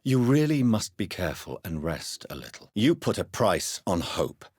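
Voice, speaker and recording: An actor playing a grave young male vampire doctor in a game, speaking in a measured, calm and probing way. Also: on the low side, husky, dry recording, clean studio sound. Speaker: video game character. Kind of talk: game voice lines.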